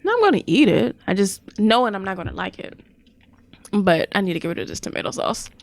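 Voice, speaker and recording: A woman co-hosting a podcast in casual chat, chatty and quick to laugh. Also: medium pitch, big pitch swings, creaky. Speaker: podcast co-host.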